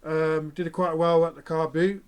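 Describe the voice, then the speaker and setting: A young man talks straight to his viewers in a loose, rambling way, cursing freely as he vents. His voice sits a touch higher than most men's. The delivery is casual chat, unscripted and meandering. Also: level tone, unhurried, clear, resonant tone. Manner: rambling, swears often, frustrated. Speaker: vlogger.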